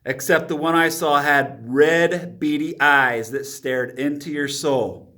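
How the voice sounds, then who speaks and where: A father telling a personal story to his camera in a dramatic, excitable way, with sudden bursts of yelling. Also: a little high, takes it slowly. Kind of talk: animated story time on camera. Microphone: camera mic at a distance. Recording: very echoey room, voice far from camera.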